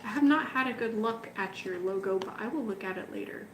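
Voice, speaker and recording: A betta fish breeder and channel host livestreams casually from her home fish room, carrying a handheld camera around while chatting fondly and cooing at her fish. Her medium-pitched voice is a little fast and a bit bright, with a slight hiss or hum in the audio.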